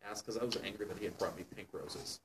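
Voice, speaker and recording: A man co-hosting a comedy show, reading a fan fiction aloud dramatically and laughing at it, sometimes putting on squeaky voices. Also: quick pace, recorded from a distance, a little hiss or hum, rough recording. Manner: mocking, laughing, breaks into loud squeaky character voices.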